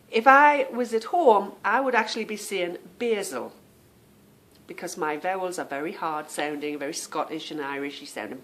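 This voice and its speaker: A woman's voice: on the low side, normal speed, fairly bright tone. A woman from England with a British accent, hosting a podcast in a chatty, meandering way that often trails off. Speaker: podcast host. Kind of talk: casual chat.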